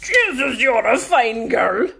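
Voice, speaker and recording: A woman putting on a loud old Kerry farmer man. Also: fairly high pitch, sing-song, slow, voice pushed up, full character voice. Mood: leering. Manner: loud, rough compliments.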